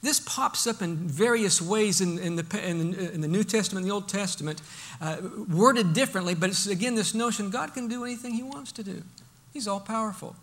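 A male preacher with a high-pitched, bright voice delivers a sermon. He swings between loud, emphatic bursts and quiet, intimate lines, acting out the Bible quotes as he goes. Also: a little fast.

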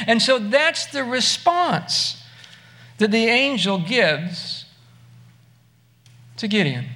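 A man's voice: very high voice, very animated, extremely slow, pauses often, pushed and bright. A man preaching a sermon as a pastor, in a conversational way, asking the listeners direct questions.

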